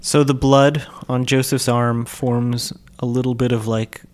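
A man's voice: mid-range voice, little pitch movement, a little slow. A young man co-hosting a podcast, reacting to an anime in casual chat with dry, teasing humor. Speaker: podcast co-host.

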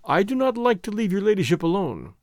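A gallant cabinet minister speaks with courtly politeness, as a male narrator voices him. His voice is lively and fairly high. The sound is dry and close to the mic. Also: brisk, no room sound. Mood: courteous.

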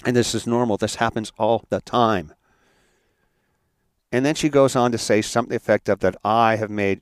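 Halting man telling a personal story. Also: fairly low pitch, steady tone, clean tone, dry recording, studio quality. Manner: halting, repeats words, heartfelt. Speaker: speaker telling his life story. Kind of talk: personal story in a motivational talk.

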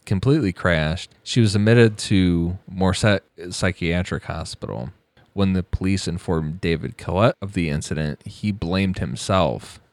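Deep-voiced man telling a crime story. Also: no room sound. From United States. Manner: laughs often while narrating. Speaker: podcast host telling a true crime story. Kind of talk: casual storytelling chat.

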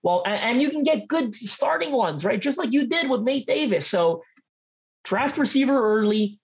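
A man co-hosting a sports podcast, talking energetically and fast in casual chat, often stumbling over repeated words. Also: very high voice, animated, husky.

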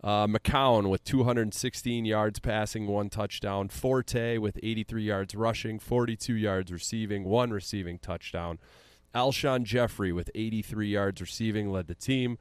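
A man's voice: on the low side, fairly even intonation, measured pace, clear, resonant tone, no echo. A tipsy man with a Central Illinois accent, hosting a casual sports chat, joking loosely as he reads off game stats. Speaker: podcast host.

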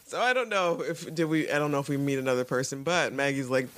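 A woman's voice: extremely low pitch, fast, no echo. A woman co-hosting a casual rewatch podcast, recapping scenes and laughing often as she acts out quotes. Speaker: podcast co-host.

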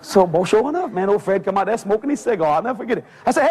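A man preaching a sermon, telling a story with lots of energy and shouting out the voices he quotes. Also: sits high, rapid-fire, few pauses, breathy edge. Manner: animated, shouting quoted voices, laughing along.

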